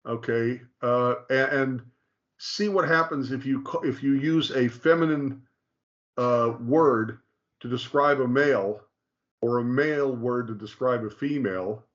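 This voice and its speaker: A man's voice: mid-range voice, unhurried. Emphatic man explaining, lo-fi sound. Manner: emphatic, repetitive, checks in with "okay?". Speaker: teacher explaining Hebrew. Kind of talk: conversational teaching.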